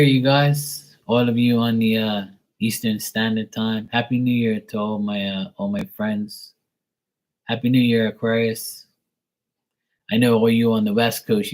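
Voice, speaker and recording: A man's voice: on the low side, poor audio. A man hosting a live tarot stream, chatting casually in a loose, profane way and filling his talk with "like". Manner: loose and profane, heavy on fillers like "like". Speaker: tarot reader hosting a livestream. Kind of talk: casual livestream chat.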